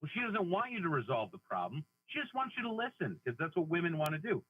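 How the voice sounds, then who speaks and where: A man's voice: on the high side, sing-song, fast talker, slightly rough. Male caller on a dull phone line. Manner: explains with restarts and repeated words. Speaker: radio caller. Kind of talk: casual call-in chat.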